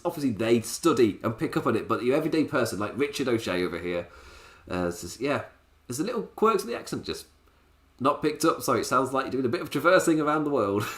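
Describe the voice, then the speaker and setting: A man's voice: medium pitch, fairly bright tone. A man reviewing a wrestling show in a casual, sarcastic way, often laughing. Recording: roomy echo.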